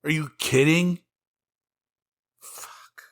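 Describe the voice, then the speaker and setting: A man's voice: on the high side, steady tone, drawn-out words, fairly bright tone. Angry ranting Southern man. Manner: angry, profane, exasperated ranting. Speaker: podcast host. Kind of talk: solo political commentary rant.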